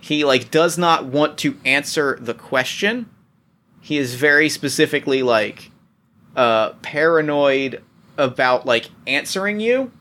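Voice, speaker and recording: A man narrating as game master, talking in halting bursts full of restarts and fillers. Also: fairly high pitch, lively intonation, bright, forceful tone.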